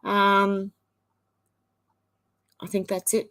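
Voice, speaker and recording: On a live stream, a middle-aged Australian woman chats casually and reads viewer comments aloud at a quick, running clip. Her mid-range voice has a sing-song lilt.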